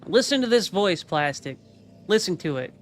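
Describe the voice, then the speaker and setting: With soft music in the background, a male streamer talks in a high-pitched, sing-song voice at a moderate pace. His live-stream chat is playful and teasing, full of laughter while a game plays.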